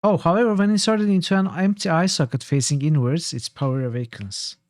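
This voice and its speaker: A man's voice: a little high, fairly quick, a little mellow, no echo, studio quality. Man musing aloud over a game. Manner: thinks aloud, repeats words, mutters to himself. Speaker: streamer. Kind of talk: casual gameplay commentary.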